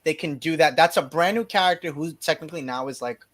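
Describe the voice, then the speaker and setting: A man hosts a live stream from home in a casual, animated chat, stumbling and restarting as he goes. His voice sits a little high for a man. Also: quick pace. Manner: animated and chatty, with frequent restarts.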